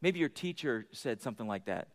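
A man's voice: medium pitch, very animated, brisk. A middle-aged man preaching a conversational sermon, chatty and self-deprecating, often asking the congregation questions. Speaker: pastor.

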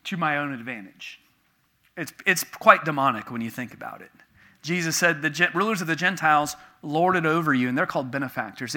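A man in his thirties preaching to his congregation, with a very bright, forceful tone. He speaks a little higher than most men and tells his story casually and candidly, swinging from hushed asides to loud, punchy emphasis. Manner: conversational, confessional storytelling with sudden bursts of emphasis. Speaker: pastor. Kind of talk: sermon.

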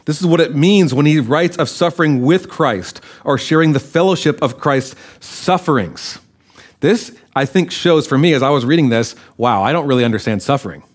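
Conversational man teaching a sermon. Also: medium pitch. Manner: conversational, checks in with listeners. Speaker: preacher. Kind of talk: sermon-style Bible teaching.

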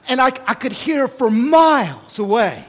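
Male preacher, middle-aged, light high voice, dynamic sermon delivery from hushed to booming. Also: very animated, a little slow. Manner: dynamic preacher, swings from hushed prayer to loud storytelling. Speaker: pastor.

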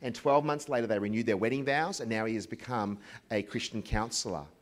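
A man's voice: medium pitch, brisk. A man with an Australian accent, a ministry head giving a live talk full of funny anecdotes. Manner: jokey, self-deprecating storyteller. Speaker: ministry CEO and speaker.

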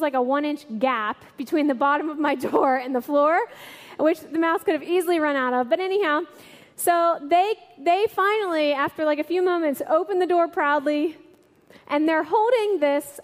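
A woman with a high voice preaches to a congregation and tells stories with animated energy. Her voice rings out with a long reverb in a large hall. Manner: animated storyteller, laughing through funny bits. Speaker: church speaker. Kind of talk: sermon with storytelling.

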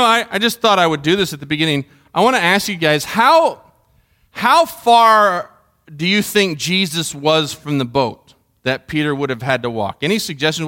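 A middle-aged pastor giving a sermon from a church stage, chatty and asking the congregation questions. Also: male voice, fairly high pitch, pushed and bright. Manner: conversational, asks the congregation questions.

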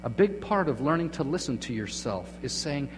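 A man preaching a sermon as pastor, moving between quiet, hushed phrases and emphatic, raised lines. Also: a little high, very animated, normal speed. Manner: dramatic shifts between hushed and emphatic delivery. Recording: long hall reverb with faint mains hum.

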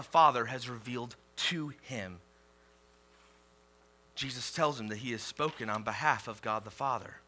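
Emphatic bright-voiced male preacher. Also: mid-range voice. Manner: emphatic preaching, swells loud on key declarations then drops quiet; reads scripture slowly and deliberately. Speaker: pastor. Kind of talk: sermon.

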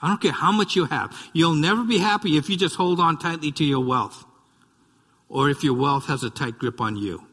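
A man from the United States delivers a sermon in an easy, story-telling way, full of asides to the congregation. His voice is bright and forward, pitched a little high. The sound rings with the long reverb of a church hall. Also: moderate pace. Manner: conversational storytelling with frequent asides. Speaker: pastor.

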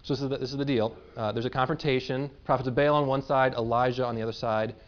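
A man's voice: medium pitch, fast. Man preaching with dull lo-fi sound. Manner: retells scripture in lively everyday paraphrase. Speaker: pastor. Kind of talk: sermon with scripture reading.

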